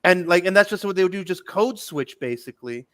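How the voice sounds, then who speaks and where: A man's voice: sits high, brisk, no echo. A man in casual podcast chat, telling stories animatedly and acting out accents. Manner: animated storyteller, acts out accents.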